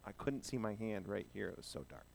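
A man's voice: on the low side, lively intonation, a little fast, gravelly, slight background noise. A man giving a children's sermon, playful and asking the children questions as he talks. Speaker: pastor giving a children's message.

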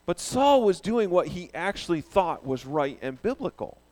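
A man preaching a sermon in an animated way, asking the congregation questions. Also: sits high, moderate pace. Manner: animated, asks the audience questions. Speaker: pastor.

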